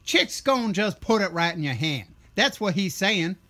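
A man voicing an exaggerated, crude redneck guy with a loud, mocking, drawling delivery. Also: high-pitched, very animated, moderate pace, full character voice.

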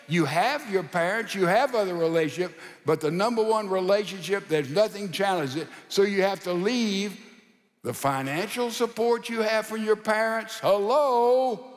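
A male pastor preaching a sermon in a folksy, animated storytelling style with rhetorical asides. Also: sits high, big-room sound.

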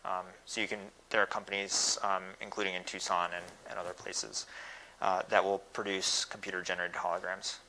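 A man's voice: low-pitched, level tone, a little fast, bright, forceful tone, a little hiss or hum, poor audio. A man giving thoughtful, technical answers in an academic Q&A, with many small hesitations. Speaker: guest speaker answering questions.

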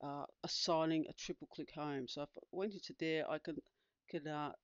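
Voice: mid-range voice, a little fast, smooth, dry recording. Tutorial voice-over: patient instructor walking through settings, dry slightly muffled desk recording. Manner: calm step-by-step explaining with fillers. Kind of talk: screen-recorded tutorial demonstration.

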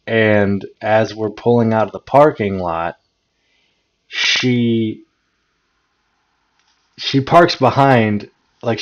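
Laid-back guy with a lowish voice, chuckles and stumbles over words, storytime vlog, dull lo-fi audio. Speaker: channel host, storyteller. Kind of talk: casual story time vlog. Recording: dull lo-fi recording.

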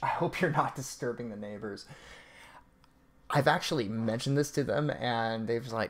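A man's voice: mid-range voice, normal speed, gravelly. A man casually chatting with viewers on a live stream, reading out donations in a rambling, laid-back way, laughing often and swearing offhandedly.

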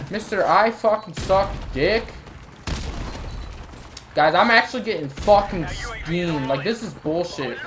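A man's voice: on the high side, takes it slowly, long pauses, noisy background. Cursing gamer man ranting over gunfire. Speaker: gamer and channel host. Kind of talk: gameplay commentary. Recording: game gunfire loud behind voice. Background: shooter game gunfire and explosions.

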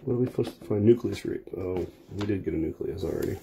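A man's voice: fairly low pitch, fast, gravelly, background noise. A man casually calling out player names and card finds as he opens packs during a live sports card break.

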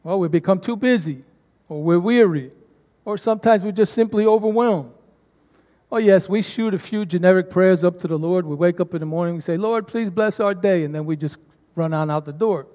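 A pastor delivers his sermon to a congregation, prompting them to answer back. His voice sits high for a man. The sound rings with a long church reverb. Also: a little fast, mellow. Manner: preaching to a congregation, calls for responses. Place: church sanctuary.

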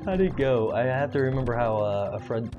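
A man's voice: mid-range voice, animated, a little fast. A man chatting hesitantly and with embarrassment while playing a video game, often breaking into giggles. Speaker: co-host of a gaming show. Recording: slightly dull lo-fi recording with loud game music.

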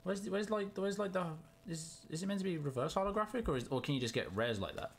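A young man chatting casually and excitedly to himself in a card-opening vlog. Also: high voice, quick pace, gravelly, breathy edge. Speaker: YouTuber.

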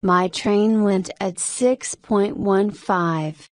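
A woman's voice: mid-range voice, extremely slow, dry recording, clean studio sound. A woman reading the lines of a tired, polite male traveller telling the story.

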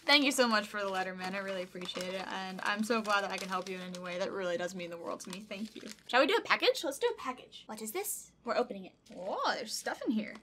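Young woman, upbeat vlogger type, bright higher voice, excitable and emotional. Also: fast. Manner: bubbly and excitable, squeals up high, gets teary reading fan letters. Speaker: YouTuber. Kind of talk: casual vlog chat. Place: home room with packages.

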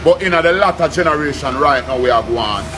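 Man, Jamaican accent, slightly high voice, emphatic boastful patois, loud music behind. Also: lively intonation, brisk, rough recording. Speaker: dancehall artist in interview. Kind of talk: patois interview talk.

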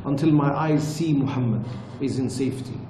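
A man's voice: medium pitch, a little fast, mellow, roomy sound, slight background noise, voice pushed down, lightly acted. A man retelling the words of a wounded, devoted man who refuses to drink, in his own voice. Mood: resolute. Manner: resolute, insistent.

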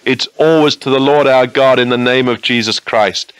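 Male preacher, mid-pitched, earnest and conversational, dry close sound. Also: fairly even intonation, moderate pace, fairly bright tone, clear, resonant tone, no room sound, low-quality recording. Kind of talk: sermon.

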